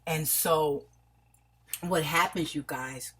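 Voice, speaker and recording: A woman from New York talks straight to her viewers in a loose, rambling monologue. She apologizes often and keeps losing her thread. Her voice sits low and sounds exceptionally smooth and clear. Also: slow, fairly bright tone. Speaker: vlogger. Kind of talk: personal video monologue. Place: home in Los Angeles.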